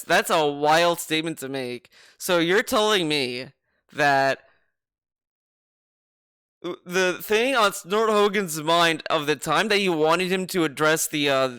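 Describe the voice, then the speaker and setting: A sarcastic man talks through his reaction in a rambling, casual way. His voice sits high, bright and crisp. He keeps repeating himself as he argues each point. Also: animated, a little slow, no echo, clean studio sound. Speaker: streamer reacting to a video.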